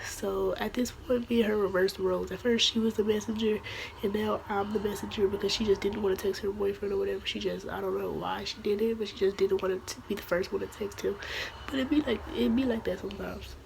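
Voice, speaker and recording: Hoarse woman with a flat, worn-out voice. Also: medium pitch, fairly quick, a little hiss or hum, rough recording. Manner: rambling, with restarts and self-corrections. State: losing her voice, hoarse and partly whispering. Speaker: vlogger. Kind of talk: casual storytime vlog.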